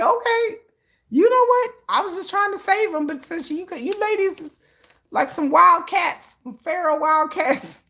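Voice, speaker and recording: This comedic commentary host has a very high voice and speaks at a moderate pace. She animates her story with acted-out shouts and screams, laughing frequently along the way.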